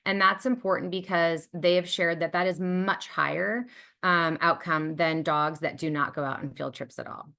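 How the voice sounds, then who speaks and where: Woman on a webinar video call, lowish voice, upbeat and chatty, lots of ums and likes. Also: fairly even intonation, normal speed, creaky, pushed and bright. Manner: enthusiastic and conversational, with frequent ums and likes. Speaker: charity program leader presenting on a webinar. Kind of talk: webinar presentation.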